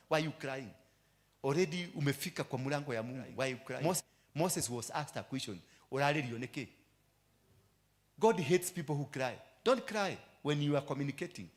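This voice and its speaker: Kenyan man preaching, switching loud and low. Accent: Kenyan English. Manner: mixes Swahili into English, repeats phrases, swings from loud to low. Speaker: apostle preaching. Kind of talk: sermon.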